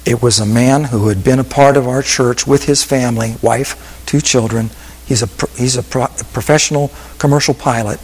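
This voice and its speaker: A male pastor preaching a sermon with an altar call, telling stories in a voice that drops to hushed whispers and rises to emphatic peaks. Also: mid-range voice, fairly even intonation, moderate pace, husky, long reverb tail, poor audio.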